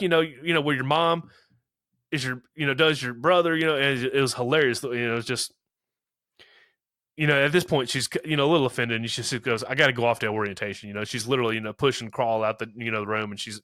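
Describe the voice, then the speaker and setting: A man's voice: medium pitch, pushed and bright, dry recording, clean studio sound. A man in his thirties co-hosting a podcast, recapping a movie in casual chat, rambling with lots of fillers and acting out quotes. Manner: rambling, many "you know" fillers, acts out quotes. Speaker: podcast co-host.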